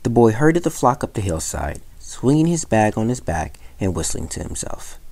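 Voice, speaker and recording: A man with a low, gravelly voice reading a children's story aloud. His tone is dark and mellow, and he tells the tale with a lively storyteller's pace. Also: moderate pace. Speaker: community center director.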